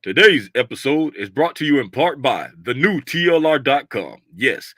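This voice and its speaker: Deep ad announcer voice, a man putting it on, slow, drawn-out promo delivery, bright, dry. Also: very animated, no echo. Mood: promotional. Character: smooth deep-voiced male radio ad announcer.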